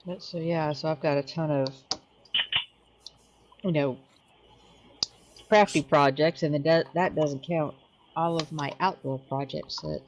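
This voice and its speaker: A woman's voice: sits low, steady tone, measured pace, pauses often, noisy background. A woman chatting casually about her craft and outdoor projects. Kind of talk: casual chat.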